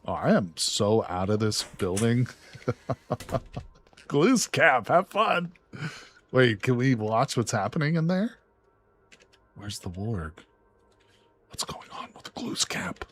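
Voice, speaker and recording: A man streaming a survival game live, reacting excitedly with swearing and laughter as he plays. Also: mid-range voice, slow pace, pauses often, slight background noise. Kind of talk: live gameplay commentary.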